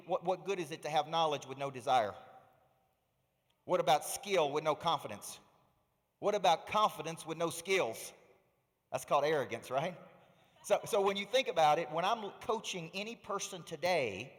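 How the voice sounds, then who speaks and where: A middle-aged man with a fairly high voice delivers a preacherly motivational speech from a stage. He talks as a coach and keeps drawing the crowd in with questions. His voice rings out through a large, reverberant hall. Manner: energetic, preacherly, engages the audience with questions. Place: large hall before a live audience.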